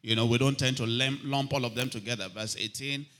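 Bright-voiced male preacher. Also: mid-range voice, fairly even intonation, fairly quick. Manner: calls for amens from the congregation; reads scripture aloud with rising emphasis. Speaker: pastor. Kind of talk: sermon.

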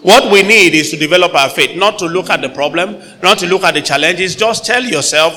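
A male pastor preaches with a fairly high, bright and forceful voice, often calling on the congregation for an amen. He bursts into loud acted-out voices as he retells stories. The sound rings with long hall reverb over faint background noise. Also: moderate pace, hardly any pauses. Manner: calls for amens, acts out voices loudly. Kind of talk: sermon.

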